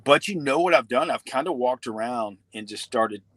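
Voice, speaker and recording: A man's voice: mid-range voice, animated, normal speed, a bit bright, dry recording. A man, talking earnestly as a podcast guest in a casual conversation.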